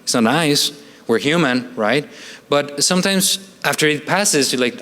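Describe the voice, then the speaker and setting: A man's voice: a little high, expressive, measured pace, bright, forceful tone. A man giving a conversational presentation to a church audience, often asking rhetorical questions and ending points with "right?". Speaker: church family seminar speaker. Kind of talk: presentation talk with slides. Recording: long hall reverb.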